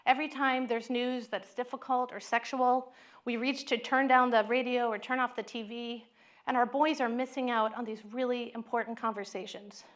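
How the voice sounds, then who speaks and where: A middle-aged woman, a psychologist, giving a talk with candid, animated storytelling. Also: a little high, moderate pace.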